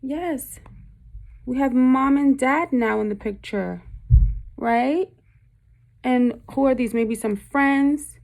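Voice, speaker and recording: Gravelly-voiced woman teacher reading aloud. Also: high voice, a little mellow. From Puerto Rico. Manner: pauses often to ask the class questions. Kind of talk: reading a picture book aloud to a class.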